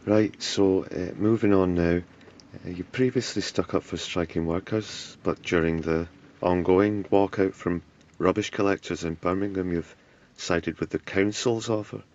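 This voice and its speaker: A man doing a flustered, deadpan politician host. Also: deep voice, a little slow, dull audio. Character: awkward, put-upon male talk-show host politician.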